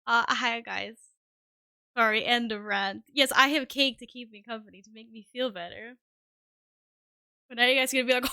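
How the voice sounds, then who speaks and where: A woman's voice: fairly high pitch, fairly even intonation, normal speed, long pauses, sharp tone, smooth, no echo, studio quality. A woman streamer chatting casually and scatteredly with her viewers, self-deprecating and swearing often. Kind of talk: casual live-stream chat.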